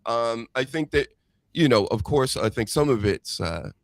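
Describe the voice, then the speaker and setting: A man's voice: medium pitch, lively intonation, gravelly, no room sound. A man hosting a casual podcast chat, talking in a rambling, easygoing way. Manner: rambling, chatty, drawn-out storytelling.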